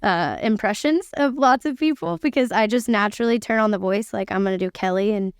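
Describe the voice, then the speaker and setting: Lively woman podcast host, dry close mic. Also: medium pitch, clean tone, dry recording. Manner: animated, enthusiastic, talks in quick bursts. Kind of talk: casual chat.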